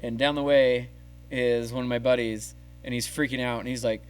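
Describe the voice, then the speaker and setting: A man telling a story in casual podcast chat, animated and acting out the scenes. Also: medium pitch, normal speed, smooth, faint music behind. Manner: animated, acts out scenes with yelled quotes. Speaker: podcast co-host.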